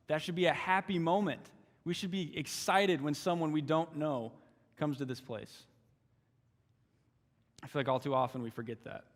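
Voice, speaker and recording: A young man giving a sermon as a youth ministry intern, emphatic and repetitive, often dropping into quieter asides. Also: a little high. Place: church sanctuary. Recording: long church hall reverb.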